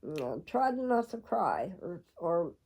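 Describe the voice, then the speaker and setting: A woman's voice: on the low side, very animated, takes it slowly, darkish tone. A middle-aged woman telling a rambling, reflective personal story to her viewers. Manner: rambling, reflective, with frequent laughs. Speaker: vlogger.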